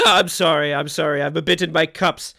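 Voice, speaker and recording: A man's voice: a little high, steady tone, a little fast, creaky, sharp tone. A man voicing a tipsy, jovial male aristocrat who gushes at his guests. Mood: giddy. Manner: effusive and giddy.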